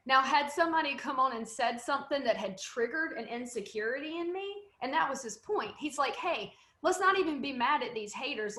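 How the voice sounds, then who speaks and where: A woman's voice: high-pitched, reverberant. A woman on a panel video call, chatting casually and acting out what people said to her. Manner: animated storytelling, acts out quotes. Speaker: panel guest.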